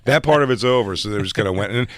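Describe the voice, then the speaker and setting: A man telling a long, animated story from his stand-up comedy days in casual chat, acting out other people's lines as he goes. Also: fairly low pitch, racing, no echo, clean studio sound.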